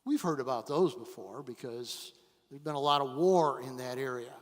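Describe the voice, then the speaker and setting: A man preaching a sermon as a guest pastor, telling a story dramatically with long pauses and big swings between quiet and loud. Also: medium pitch. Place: church sanctuary. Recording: church hall with long reverb.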